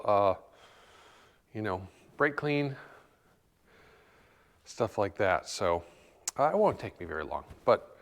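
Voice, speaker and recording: Garage vlogger, male, slow unhurried delivery, rambling asides, echoing workshop reverb. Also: mid-range voice. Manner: rambling, thinking aloud with many fillers. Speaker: car restoration vlogger. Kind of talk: casual workshop talk to camera.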